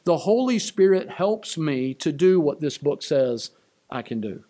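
Male pastor, slightly high voice, emphatic church sermon delivery with repeated refrains. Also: very animated, a little slow, mellow. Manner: emphatic, repeats key lines, rising on quotes. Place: church sanctuary.

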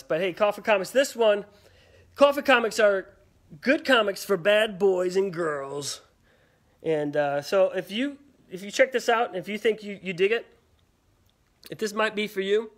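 A man hosting a live shopping stream, chatting casually and jokingly with lots of fillers as he pitches products. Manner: rambling, jokey, filler-heavy. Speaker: livestream shopping host. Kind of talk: casual sales pitch chat.

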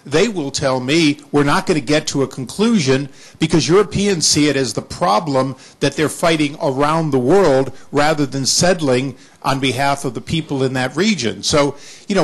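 Husky man speaking up from the audience. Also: a little high. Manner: earnest, with restarts. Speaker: audience member. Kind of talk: question from the floor.

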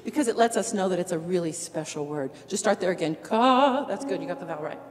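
A woman's voice: lowish voice, lively intonation, fast, in a large hall, music in the background. A middle-aged woman teaching an opera masterclass in a church, encouraging and demonstrating phrases by singing them. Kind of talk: coaching a singer in a masterclass. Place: church with long reverb.

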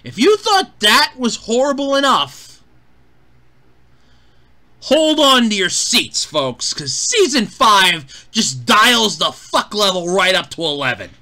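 A man with a bright, forceful tone gives an exasperated review as a profane rant. His pitch leaps around in lively swings, and his sarcasm is heavy. He talks into a home mic. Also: takes it slowly. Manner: exasperated, sarcastic, swears freely. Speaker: show reviewer.

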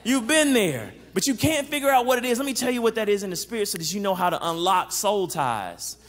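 Male psychologist, high-pitched, lively faith-based teaching talk with audience check-ins, long hall reverb. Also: fairly quick. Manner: animated, checks in with the audience, acts out quotes.

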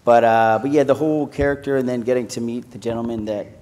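A young adult man with an Irish accent, an actor chatting on a panel stage and telling jokey, animated stories. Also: medium pitch, fast talker, a little hiss or hum. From Ireland. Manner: lively storyteller, jokey and animated. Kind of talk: casual panel chat. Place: panel stage at a screening venue.

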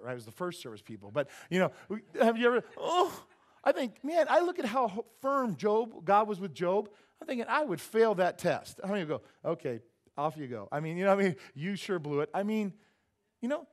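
A male pastor preaching in a church, his voice a little higher than most men's. He is animated, jumping from loud exclamations to quiet asides. He acts out the voices in the passages he quotes and jokes with the listeners. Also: fast talker. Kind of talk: sermon. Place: church sanctuary.

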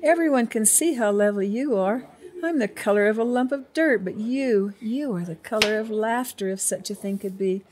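A man's voice: sits high, moderate pace, lightly acted. A woman voicing a small, sad, envious young male cricket in a storybook, pleading and whiny. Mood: wistful.

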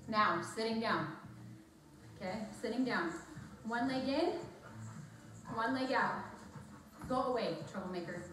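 A woman's voice: fairly high pitch, slow pace, a bit bright, a little hiss or hum. A woman fitness instructor coaching a home workout class, upbeat and encouraging, counting reps aloud and a little out of breath. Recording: echoey room, mic far off.

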